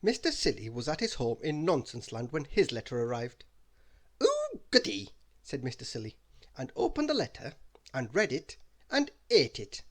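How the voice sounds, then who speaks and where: A man reading a children's bedtime story aloud in an animated, expressive way. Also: medium pitch, moderate pace.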